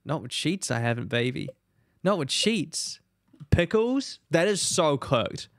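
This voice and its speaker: A man streaming a game, rambling in animated casual commentary and talking to his chat. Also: a little high, measured pace, no echo, studio quality.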